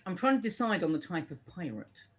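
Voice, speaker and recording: A woman's voice: on the low side, sing-song, brisk. A woman co-hosting a casual podcast from her home office, playful and full of rambling asides. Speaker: podcast co-host.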